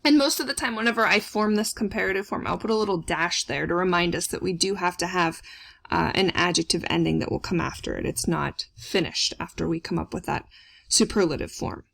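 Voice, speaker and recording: Gravelly-voiced woman teaching German grammar. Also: lowish voice, brisk, a bit bright. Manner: explains step by step, with frequent "uh" fillers and careful German examples. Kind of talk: recorded grammar lesson.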